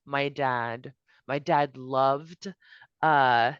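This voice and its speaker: A woman's voice: extremely low pitch, very slow, clean tone, no room sound, lo-fi sound. A woman guest on a podcast, chatting casually and upbeat, with many restarts and casual slang. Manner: upbeat, restarts a lot, says "dude" and "oh my gosh". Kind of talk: casual chat.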